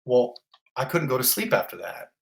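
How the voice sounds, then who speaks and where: A fire captain giving a vivid, blunt first-person account with swearing, in an interview. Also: male voice, medium pitch, very animated, normal speed, vocal fry. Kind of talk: intense first-person retelling.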